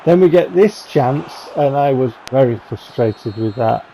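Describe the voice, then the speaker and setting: A man talks over football game highlights in a loose, rambling way, dry and wry about his own mistakes. His voice is gravelly, with a dark, mellow tone. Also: lively intonation, unhurried, a little hiss or hum, rough recording. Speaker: gaming channel host. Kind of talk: casual game highlights commentary.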